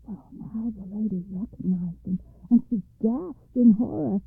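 Gravelly woman narrating a fairy tale. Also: mid-range voice, dry recording. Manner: measured, expressive storytelling. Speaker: radio storyteller and host. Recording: dry, tinny phone-like radio sound.

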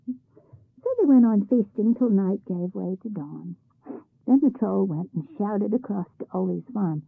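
A woman reads a folk tale aloud with lively expression. Her voice is husky and gravelly, and the recording is dry and tinny, like a phone line. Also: medium pitch, measured pace, no echo. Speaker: storyteller. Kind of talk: scripted narration of a folk tale. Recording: tinny phone-like band-limited sound.

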